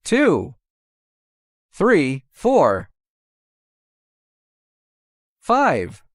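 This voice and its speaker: A man presenting outdoors as a snake expert, explaining eggs and nesting in a lively way, often repeating his points. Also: fairly high pitch, dry recording, studio quality. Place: outdoors in grass.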